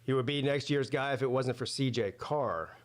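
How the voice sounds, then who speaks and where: A man's voice: mid-range voice, moderate pace. Rambling casual male stream host. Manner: rambling, thinks aloud with many fillers and restarts. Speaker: sports watch-party host. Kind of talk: casual live-stream commentary.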